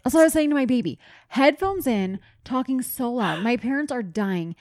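A young woman and mother co-hosting a podcast, telling a funny story in an animated way, swearing casually. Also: on the high side, normal speed, no echo, studio quality. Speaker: podcast co-host. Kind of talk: casual chat.

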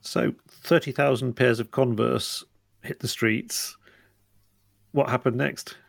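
Gravelly host guy asking quick questions, laid back chat. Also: mid-range voice, fairly even intonation. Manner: short questions and back-channel murmurs. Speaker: podcast host. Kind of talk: casual interview.

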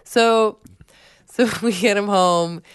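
A woman's voice: mid-range voice, takes it slowly, clean tone, no echo, studio quality. A woman in her thirties, a podcast co-host and mother, chatting casually and laughing often between her words. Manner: laughs often, talks with fillers. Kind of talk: casual chat.

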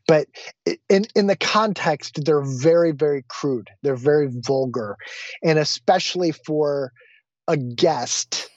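A man's voice: a little high, slow, dry recording. Man telling a story in a dry, muffled recording. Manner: lively storyteller who acts out quoted voices, with frequent restarts. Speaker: Vedanta teacher, guest. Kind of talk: telling a personal anecdote.

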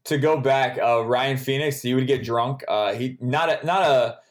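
A young man hosting a casual podcast chat in a relaxed, questioning way. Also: medium pitch, normal speed. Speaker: podcast host.

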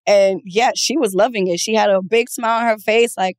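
A woman guest on a podcast, a massage therapist chatting casually, soft-spoken and shy, laughing often. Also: medium pitch, fairly even intonation, fairly quick, no room sound, clean studio sound.

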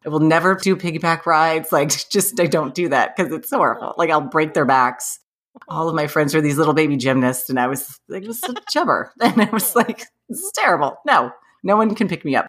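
Speaking a little fast in a deep voice, a woman in her thirties recounts something funny that happened to her. Her casual, lively telling is self-deprecating and punctuated by plenty of laughs.

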